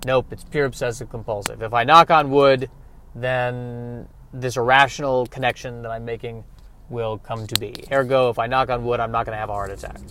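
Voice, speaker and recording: A man's voice: mid-range voice, fairly even intonation, moderate pace, pushed and bright, slight background noise. A man hosting a solo podcast, rambling in a wry, self-mocking way while he drives. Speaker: podcast host. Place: car, driving.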